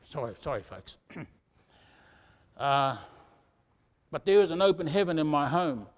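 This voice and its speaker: A man's voice: fairly high pitch, lively intonation, unhurried, noisy background. A middle-aged male pastor preaching a sermon in a conversational way, often asking the congregation "Amen?".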